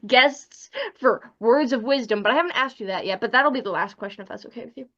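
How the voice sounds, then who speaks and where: A woman's voice: fairly high pitch, quick pace. Upbeat woman host, dull lo-fi sound. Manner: upbeat, affirming interjections. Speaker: podcast host. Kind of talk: casual interview chat. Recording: dull lo-fi audio.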